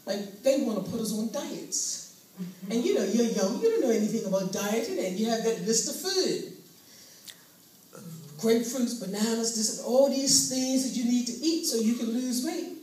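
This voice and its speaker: A woman performing a stand-up comedy routine, animated in her storytelling and laughing at her own lines. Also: fairly high pitch, moderate pace. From Bermuda. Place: live comedy venue. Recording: very echoey room, distant mic, faint hiss.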